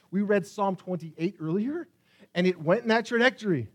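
A man preaching a sermon, reading scripture slowly and with emphasis, swinging between hushed lines and loud cries. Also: very high voice. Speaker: pastor.

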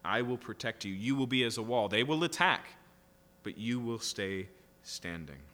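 A man's voice: mid-range voice, animated, moderate pace, sharp tone, in a large hall. A man preaching a sermon, reading scripture aloud and explaining it in a conversational way with frequent "right?" asides. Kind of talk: sermon, Bible teaching.

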